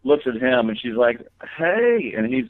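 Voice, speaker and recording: A man rambles through a casual interview as a guest comedian, stopping and restarting his sentences. His voice sits at an ordinary middle pitch. The sound is dry and tinny, as if coming through a phone line. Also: steady tone, a little fast, no room sound. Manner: rambling, many fillers and restarts.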